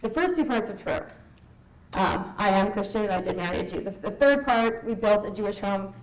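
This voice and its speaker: This conference speaker, a young woman from Southern California, delivers an emotional, candid personal talk with a laugh here and there. Her medium-pitched voice is animated and fairly quick, echoing through the hall.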